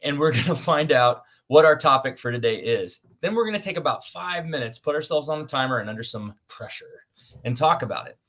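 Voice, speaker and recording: A man's voice: on the high side, expressive, fairly quick, fairly bright tone. A man hosting a writers' livestream over a video call, chatty and self-deprecating, joking as he goes. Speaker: livestream host. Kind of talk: casual chat.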